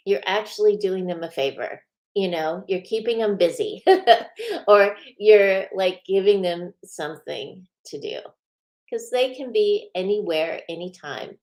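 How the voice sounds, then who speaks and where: Chatty, unhurried woman hosting a spiritual show. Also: mid-range voice, a little mellow. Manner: chatty, laughs often, many fillers. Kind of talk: casual live-stream chat.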